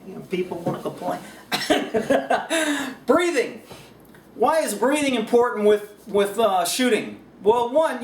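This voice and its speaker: A folksy American man with a high voice talks through shooting basics in a loose, rambling way. He stands a bit back from the mic, so the voice carries a roomy echo. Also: far from the mic. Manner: folksy, rambling, with laughs and self-asides. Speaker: firearms instructor. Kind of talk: casual instructional talk. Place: indoors, shooting range building.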